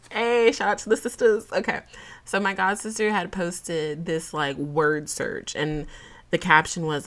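A woman's voice: mid-range voice, a bit bright. A young woman hosting her own podcast, talking casually to listeners with slang and frequent laughs, sometimes close to tears. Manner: laughs often, emotional, tearing up at times; slang-filled, speaks to listeners as y'all. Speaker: podcast host. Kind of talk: casual solo podcast talk.

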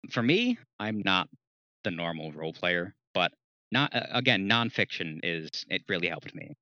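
A man's voice: deep voice, very animated, moderate pace, pushed and bright, no echo. A man co-hosting a casual group podcast, joking around and bantering with the others. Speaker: podcast co-host. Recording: dull lo-fi sound.

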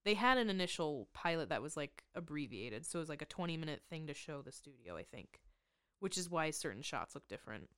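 A woman's voice: low-pitched, big pitch swings, a little fast, fairly bright tone, clear, resonant tone, no echo, clean studio sound. A woman co-hosting a podcast, recapping a movie in casual chat with sarcastic, swearing asides. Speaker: podcast co-host.

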